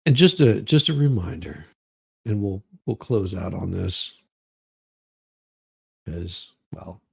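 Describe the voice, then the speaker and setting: A male show host speaks in a slow, unhurried way. His low voice is heavily gravelly and a little husky. He sounds loose and relaxed as he comments. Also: dry recording, clean studio sound. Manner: relaxed, chuckling asides. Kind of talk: casual commentary.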